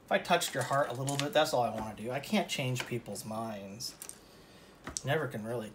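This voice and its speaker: A man's voice: mid-range voice, brisk, noisy background. A man teaching painting in a casual, rambling way, joking and poking fun at himself as he works. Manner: rambling, joking and self-deprecating. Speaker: painting instructor. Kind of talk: casual painting tutorial talk.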